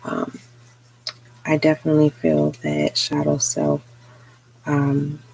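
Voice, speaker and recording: Slow, flat, gravelly tarot reader. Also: mid-range voice, low-quality recording. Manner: slow, hesitant, many pauses and fillers; earnest, encouraging. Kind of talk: live spiritual reading monologue.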